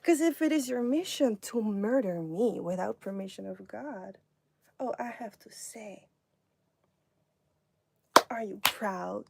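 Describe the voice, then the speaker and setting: Slow, gravelly woman on a live stream. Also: mid-range voice, very noisy. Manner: mocking and sarcastic, drops to a whisper at times. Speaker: livestreamer. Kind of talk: live stream monologue to viewers.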